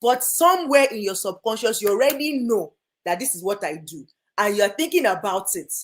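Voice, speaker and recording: Energetic Nigerian woman. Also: mid-range voice, moderate pace. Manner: energetic and emphatic. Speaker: guest speaker. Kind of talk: lively interview talk.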